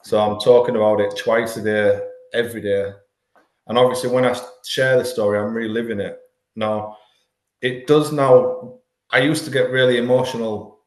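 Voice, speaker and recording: A man, a podcast guest talking candidly and earnestly, often restarting his words. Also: fairly low pitch. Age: 40s. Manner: earnest, repeats words when restarting thoughts. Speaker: podcast guest, life coach. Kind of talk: candid conversational interview. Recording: roomy echo.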